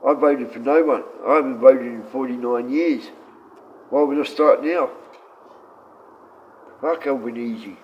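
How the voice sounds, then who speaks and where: A blunt Australian man in his sixties rambles loosely on a live stream, reading comments aloud and talking to his dogs. His medium-pitched voice moves a little slowly, with long pauses. The stream audio is dull and lo-fi, carrying faint noise.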